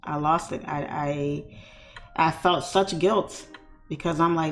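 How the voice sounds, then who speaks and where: A woman's voice: deep voice, steady tone, slow pace. A woman streamer in casual, heartfelt chat, talking candidly and rambling with lots of "you know" fillers. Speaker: trading streamer.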